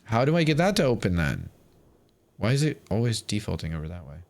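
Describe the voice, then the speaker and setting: A man's voice: fairly low pitch, big pitch swings, fairly quick. A man streaming a game, chatting casually with a wry, profane manner. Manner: wry, profane, swearing freely. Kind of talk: casual gameplay commentary.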